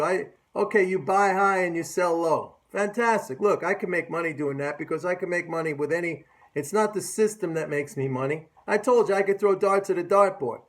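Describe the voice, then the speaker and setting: High-voiced sarcastic male market commentator. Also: fairly quick, few pauses. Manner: sarcastic and mocking; emphatic, repeats phrases. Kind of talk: casual market commentary rant.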